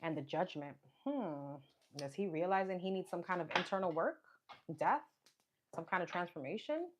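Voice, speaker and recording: A woman with a fairly low voice gives a loose, chatty tarot reading, musing out loud as she runs through the cards. A steady hiss of noise sits under her voice throughout. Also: normal speed. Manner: chatty, thinks aloud while naming cards. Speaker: tarot card reader. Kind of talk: casual live tarot reading. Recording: clear background noise.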